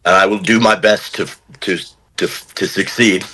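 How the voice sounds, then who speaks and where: A man playing his character at a tabletop game, halting and repeating words as he speaks. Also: low voice, steady tone, sharp tone, low-quality recording. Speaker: player.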